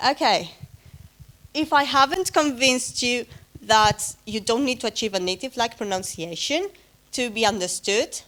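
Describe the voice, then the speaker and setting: A woman's voice: on the high side, a bit bright. A woman, an English speaker, giving a conference closing talk in a hesitant way, with many fillers, self-corrections and light humor. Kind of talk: academic conference presentation.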